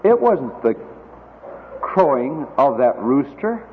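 A man preaching a sermon, dramatic, acting out quoted oaths slowly and forcefully. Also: medium pitch, big pitch swings, slight background noise. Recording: tinny phone-like sound, long hall reverb.

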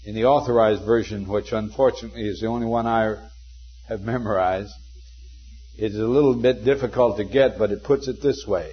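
Older male preacher, husky voice, earnest sermon storyteller, dull old recording. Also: on the low side, steady tone. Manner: earnest storytelling, slows for scripture quotes.

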